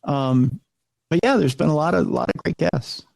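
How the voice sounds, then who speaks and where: A fairly high, creaky voice belongs to a middle-aged radio host telling stories at a normal speed in a casual interview. He's animated and often restarts, imitating the people he quotes. The low-quality recording has no room sound.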